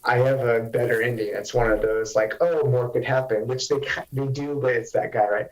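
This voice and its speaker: A man co-hosting a podcast in casual chat, thinking out loud in a tentative, rambling way. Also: medium pitch, fairly even intonation, fairly quick, poor audio. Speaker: podcast co-host.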